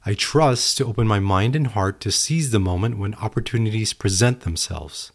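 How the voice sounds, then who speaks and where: With a lowish voice at ordinary speed, a man tells a parable on his solo podcast. His delivery is sincere and storytelling, reflective in nature.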